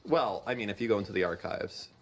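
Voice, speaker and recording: A man's voice: lowish voice, fast, a little hiss or hum. A man bantering on a live stream, profane and mock-boastful. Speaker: stream co-host.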